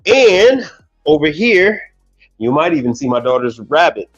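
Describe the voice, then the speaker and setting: Animated man telling work-site stories. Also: on the high side, measured pace. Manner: animated storyteller, repeats words, laughs often. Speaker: commercial appliance technician. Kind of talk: casual livestream chat. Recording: slightly dull audio, faint music.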